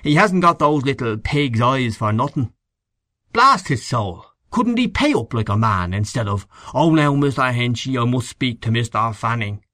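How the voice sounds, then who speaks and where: In an audiobook, a man voices a scornful middle-aged canvasser who grumbles and gossips with a sneering, indignant air. His medium-pitched voice is bright and forceful, with big pitch swings at a moderate pace, recorded cleanly in a studio with no room sound.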